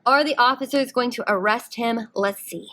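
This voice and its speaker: A woman's voice: fairly high pitch, moderate pace, sharp tone. A woman teacher leading a guided reading lesson, conversational, asking her students questions as she explains the text. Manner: conversational, asks the class questions. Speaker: English teacher.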